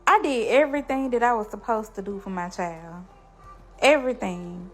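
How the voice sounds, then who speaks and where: A woman's voice: mid-range voice, normal speed, soft background music. A woman, talking straight to her viewers about her own family in an impassioned, defensive way. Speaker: mother telling her story. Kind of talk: emotional direct-to-camera talk.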